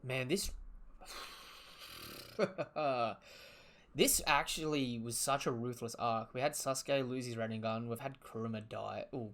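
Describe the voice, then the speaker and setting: A man hosting a live manga reaction, emotional and sighing, with sudden loud outbursts. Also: mid-range voice, moderate pace, hardly any pauses. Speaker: youtube reaction host.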